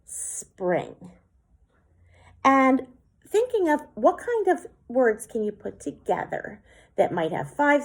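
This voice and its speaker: A woman teacher giving a slow, clear poetry lesson for children, sounding out words syllable by syllable. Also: medium pitch.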